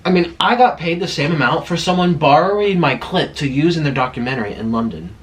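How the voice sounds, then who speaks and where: A man's voice: fairly high pitch, lively intonation, fairly quick. A man chatting casually while eating on camera, rambling and laughing at himself. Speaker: mukbang vlogger.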